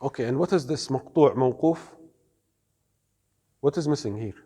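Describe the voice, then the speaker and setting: A man's voice: medium pitch, dark tone, breathy edge, long reverb tail. A man teaching an Islamic studies class, explaining carefully, quizzing his students and mixing in Arabic terms. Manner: explains slowly, asks the class questions, mixes in Arabic words. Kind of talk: classroom lecture.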